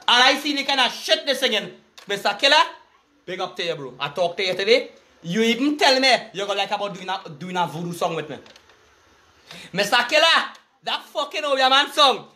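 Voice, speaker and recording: A man's voice: high voice, pushed and bright. A man with a Trinidadian accent delivering an angry, profane street rant in heavy Creole dialect, cursing and making threats. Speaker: vlogger.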